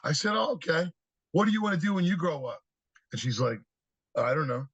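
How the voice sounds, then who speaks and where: A man guest on a podcast, telling lively stories about kids and acting out their replies in an energetic, conversational way. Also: high-pitched, brisk, breathy edge, no echo, muffled recording. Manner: animated storyteller, acts out kids' answers. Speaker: podcast guest, youth speaker. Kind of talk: storytelling interview talk.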